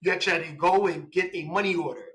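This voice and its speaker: A man in his forties, a police officer telling his story in a casual interview, lively, laughing and acting out quoted dialogue. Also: high-pitched, very fast, rough recording.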